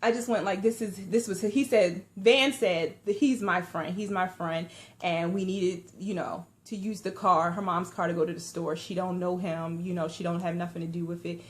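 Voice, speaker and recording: Animated slangy woman telling a storytime. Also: lowish voice, normal speed. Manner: animated storytelling with lively asides and sudden hushed or loud turns; slangy conversational talk. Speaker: vlogger. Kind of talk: casual storytime vlog.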